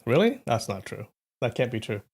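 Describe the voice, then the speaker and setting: Gravelly young man chatting to his stream. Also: mid-range voice, sing-song, normal speed, darkish tone. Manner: rambling storytelling, clears throat often. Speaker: livestream host. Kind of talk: casual chat with live viewers.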